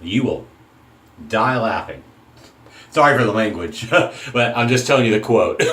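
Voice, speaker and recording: A man's voice: on the low side, lively intonation, moderate pace, long pauses, fairly bright tone, poor audio. A man hosting a shaving channel, rambling through an opinionated casual monologue and often cutting himself off mid-sentence. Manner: opinionated, rambling, self-interrupting.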